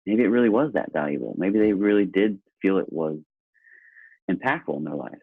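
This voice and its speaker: A man's voice: low voice, animated, fairly quick, creaky, husky, no echo. A man telling stories in a casual podcast conversation, earnest and enthusiastic. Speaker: guest. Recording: tinny phone-line sound.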